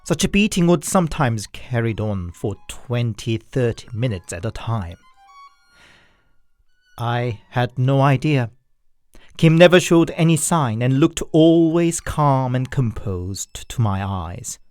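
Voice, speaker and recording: A man narrating scary stories in a slow, measured way. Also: medium pitch, no echo. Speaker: storyteller. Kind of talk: scripted horror narration. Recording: dry, with soft violin music. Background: faint violin music.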